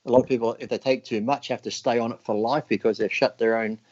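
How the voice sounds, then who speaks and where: A man's voice: medium pitch, steady tone, fast talker, darkish tone. A man guest on a podcast, casually telling crude, laughing anecdotes with lots of swearing. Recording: dull lo-fi audio.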